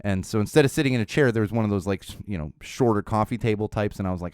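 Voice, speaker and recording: A man's voice: on the low side, animated, quick pace, a little mellow, clean tone, no echo, clean studio sound. A man hosting a podcast, telling a long casual story with many fillers and restarts. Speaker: podcast host.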